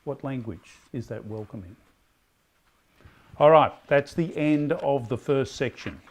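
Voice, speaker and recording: An Australian man hosts a casual pub quiz in a mid-range, darkish voice. He reads the questions slowly and emphatically, then rambles and corrects himself.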